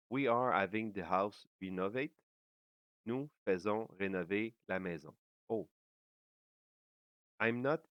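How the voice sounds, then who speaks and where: A man teaches at a very slow, deliberate pace, his voice sitting a little low. He pauses often and fills gaps with small hesitations. The sound is dry and slightly dull, as if from a modest home setup. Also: dry recording. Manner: slow and careful, with frequent pauses and fillers. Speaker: French teacher. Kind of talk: slow language lesson.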